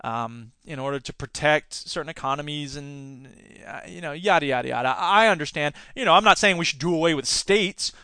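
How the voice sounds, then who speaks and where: A high-pitched man rants through a casual political podcast, sarcastic and fired up, often laughing at his own jokes. His tone is bright and sharp. The recording is dry and close, with no room sound. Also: expressive, a little fast, few pauses, clear, resonant tone, dry recording. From Wisconsin. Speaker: podcast host; teacher union member.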